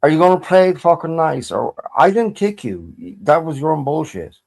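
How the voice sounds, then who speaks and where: A man's voice: on the high side, sing-song, moderate pace, creaky, a little mellow. A man from the UK hosting a livestream, brash and sweary, impatiently repeating himself as he grills a caller. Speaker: streamer.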